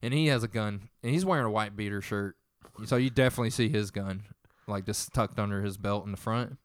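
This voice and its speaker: Low, smooth-voiced young man telling a wild story. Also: a little fast, dry recording, clean studio sound. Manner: profane, rambling, animated retelling. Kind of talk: casual storytelling.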